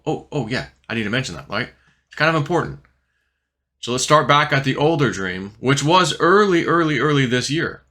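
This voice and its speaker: A man talks through a loose, wandering crypto vlog monologue. His voice is bright and forward, and his pitch sits mid-range for a man. He keeps looping back on himself with easy filler words. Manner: rambling, filler-heavy, restless talk. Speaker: crypto vlogger. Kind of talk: casual storytelling monologue.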